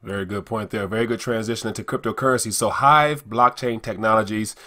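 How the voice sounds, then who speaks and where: Man, interview host, low voice, brief affirming remarks. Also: brisk, pushed and bright. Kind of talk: conversational interview.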